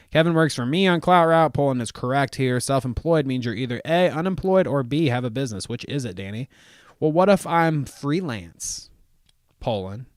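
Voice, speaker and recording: A man's voice: mid-range voice, no room sound, studio quality. A young man from Ohio hosting a casual livestream, reading viewer comments aloud with a sarcastic, joking manner and frequent laughs. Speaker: live show host reading chat.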